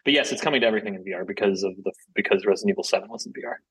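Husky, rambling, opinionated man. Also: on the low side, very fast, a bit bright, low-quality recording. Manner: rambling, opinionated, many restarts. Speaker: podcast co-host. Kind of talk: casual chat.

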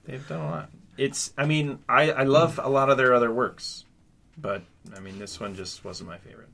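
A man's voice: medium pitch, steady tone, normal speed, gravelly, fairly bright tone. A man co-hosting a podcast, blunt and contrarian, swearing casually. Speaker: podcast co-host. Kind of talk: casual film discussion.

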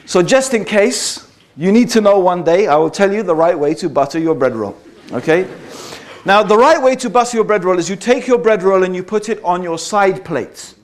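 A British man addresses a live audience in a public talk, his high voice animated and his pace moderate. He's conversational and wry, often checking in with "okay?" and "right?".

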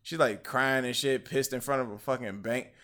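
A man's voice: medium pitch, normal speed. A man co-hosting a podcast, telling profane stories in casual chat and acting out his friends' lines. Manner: profane storytelling, animated quoting of friends. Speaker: podcast co-host.

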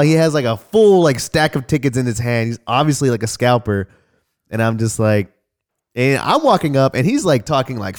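A young man from Houston chatting casually on a podcast, telling a story in a laid-back way with a lot of swearing. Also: mid-range voice. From Houston, Texas. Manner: laid-back, swears a lot, acts out voices loudly when telling stories.

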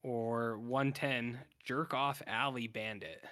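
Guy on a podcast going over a tv episode, bright tense voice, rambles and does the characters' lines. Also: medium pitch, fairly even intonation, takes it slowly. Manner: rambling, self-interrupting, acts out characters' lines. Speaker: podcast co-host. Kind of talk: casual episode recap chat.

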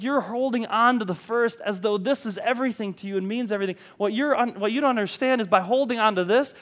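A man preaching a sermon, earnest, acting out quoted speech and dropping to a soft voice for emphasis. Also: sits high. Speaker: pastor.

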